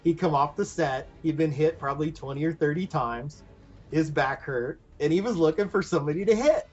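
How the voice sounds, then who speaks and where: A man telling stories casually as a podcast guest, animated, acting out quoted voices and laughing often. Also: a little high, a little fast, muffled recording. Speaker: guest, prop and costume maker. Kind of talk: casual storytelling in a podcast interview.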